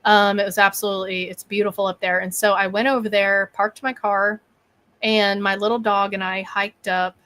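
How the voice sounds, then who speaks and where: A woman's voice: medium pitch, normal speed. Woman telling a vivid story. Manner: animated, acts out her own thoughts and quotes. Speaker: bigfoot researcher and podcast guest. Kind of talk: storytelling in a podcast interview.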